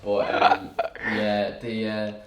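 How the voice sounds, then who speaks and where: A man's voice: lowish voice, monotone, takes it slowly, reverberant, heavy background noise. A young man with an Irish accent, chatting casually as a podcast guest in a rambling, self-deprecating way. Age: young adult. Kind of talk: casual chat.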